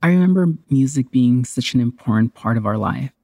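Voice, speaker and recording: A woman's voice: a bass voice, animated, brisk, gravelly, warm tone, dry recording, clean studio sound. A woman telling a personal story in a candid, heartfelt, conversational way.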